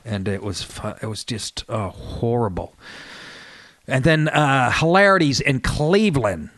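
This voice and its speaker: A man's voice: medium pitch, big pitch swings, a little slow, a bit bright, no echo. A man, a comedian hosting a radio show, telling road stories in a rambling, profane way. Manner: profane, rambling, with restarts and laughs. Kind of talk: casual storytelling monologue. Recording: dry radio studio sound.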